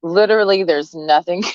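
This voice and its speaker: Woman vlogger, low voice, blunt sarcastic profane rant, dull lo-fi dry recording. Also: no echo. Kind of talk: casual rant to camera. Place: outdoors, sitting under a tree. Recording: dull, lo-fi sound.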